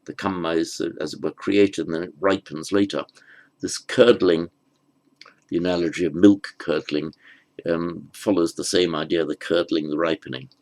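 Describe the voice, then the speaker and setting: A man teaching the meaning of an old verse, patiently explaining each word after reciting it slowly. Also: low voice, fairly even intonation, a little mellow, low-quality recording. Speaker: Pali language teacher. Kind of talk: unhurried lesson on a verse.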